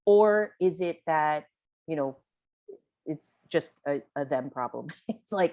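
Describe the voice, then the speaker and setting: A woman's voice: sits low, animated, takes it slowly, long pauses, mellow. A woman speaking on a panel discussion, conversational, with frequent restarts and "right?" tags. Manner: conversational, with restarts and light laughs; questioning, says "right?" often.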